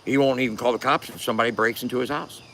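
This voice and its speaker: A man's voice: medium pitch, steady tone, rapid-fire, fairly bright tone, slight background noise. A man giving a casual, profane rant as a commentator, cursing and laughing often.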